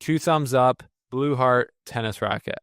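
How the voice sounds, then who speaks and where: Man, podcast co-host, smooth voice, dry sound, casual hype, chatty. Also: medium pitch, unhurried, dry recording. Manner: upbeat, hype-driven, chatty with restarts.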